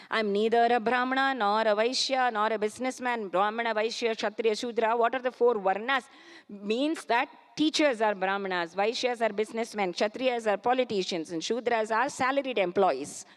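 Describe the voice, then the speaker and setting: A woman with an Indian English accent giving a spiritual talk, firing off rhetorical questions and chanting Sanskrit verses slowly. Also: fairly high pitch. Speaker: spiritual speaker. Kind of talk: spiritual discourse with storytelling. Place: large auditorium. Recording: auditorium reverb.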